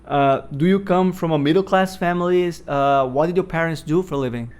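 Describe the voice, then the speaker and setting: A man's voice: a little high, a little fast, darkish tone, clean tone. A man hosting an interview who asks friendly questions with frequent fillers. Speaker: podcast interviewer.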